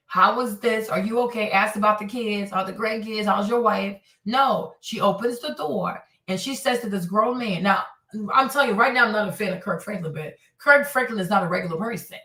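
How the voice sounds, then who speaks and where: A woman from Northern Virginia, USA, hosts a casual commentary show, telling stories with animated, indignant energy and acting out what people said. Her mid-range voice is brisk, and the recording is in an echoey room with her voice a bit far from the mic.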